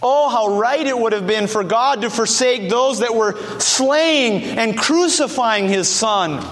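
Man, high voice, preacher, fervent sermon, lifts to loud pleas then drops to a hush, long hall reverb. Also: a little slow, faint music behind. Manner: impassioned, swinging between loud high pleas and low hushed tones.

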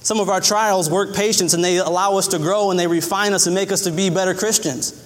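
A man's voice: steady tone, a little fast, in a large hall. A man preaching a sermon in an earnest way, often repeating his phrases. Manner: earnest, repeats phrases, acts out cries in a high voice.

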